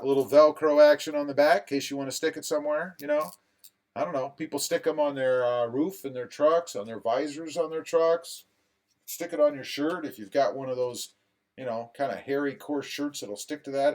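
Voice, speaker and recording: A man hosting a live stream in a casual, joking way, reading viewer comments aloud. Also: mid-range voice. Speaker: livestream host reading chat.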